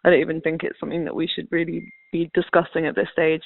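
A woman's raised voice comes through a tinny phone line, earnest and considered. Her pitch stays flat with a gravelly fry, and the sound is dry and close. She speaks as a guest writer giving her view. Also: fast talker. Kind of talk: phone interview commentary. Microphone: phone call.

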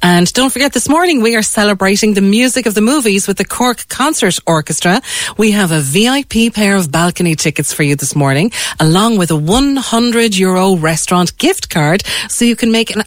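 A woman's voice: medium pitch, lively intonation, brisk, no echo. A woman hosting a local radio show, enthusiastic and gushing as she talks to listeners and guests. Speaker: radio host. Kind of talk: bright local radio presenting. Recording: dry studio sound.

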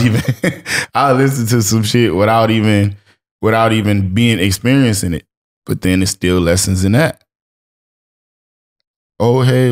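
A man from Los Angeles, a streetwear brand owner, talking casually as a podcast guest, telling stories with slang and acted-out quotes. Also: fairly low pitch. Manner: laid-back storytelling with acted-out quotes and slang. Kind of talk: casual interview talk.

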